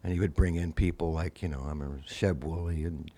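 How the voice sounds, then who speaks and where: A man's voice: sits low, fast talker. An older man, a guest musician, telling long anecdotes in casual conversation and acting out the people he quotes. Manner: anecdotal, animated quoted voices. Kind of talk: casual storytelling.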